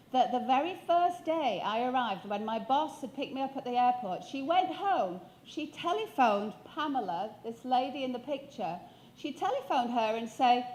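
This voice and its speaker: A woman in her fifties with a Yorkshire accent, speaking from a stage in a high, bright voice. She tells her stories with humour and keeps turning to the audience with questions. There is a faint hiss of noise behind her. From England. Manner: humorous, playful, addresses the audience with questions. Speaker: keynote speaker. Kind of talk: motivational storytelling talk.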